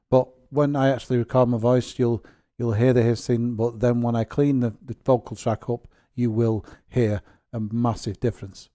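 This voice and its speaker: Chatty man with a mellow voice. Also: medium pitch. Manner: chatty and rambling, with self-deprecating jokes. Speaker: gaming channel host. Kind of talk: software tutorial narration.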